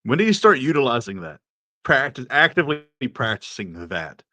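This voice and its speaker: A man's voice: mid-range voice, big pitch swings, moderate pace, pushed and bright, no echo. A man hosting a commentary show, asking probing questions about a clip he is reacting to. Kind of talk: casual commentary on a played clip.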